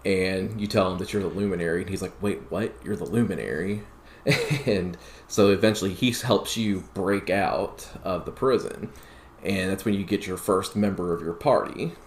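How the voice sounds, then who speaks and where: Man, very low voice, laid-back recap, echoey room, faint hiss. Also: moderate pace. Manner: laid-back storytelling with laughs. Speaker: podcast co-host. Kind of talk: casual gaming podcast recap. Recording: roomy with faint noise.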